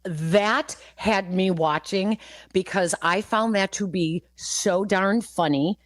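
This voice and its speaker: A woman hosting sports talk radio, telling stories in a relaxed way and laughing at the funny parts. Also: mid-range voice, slow pace, no echo. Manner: storytelling, laughing through anecdotes. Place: radio studio.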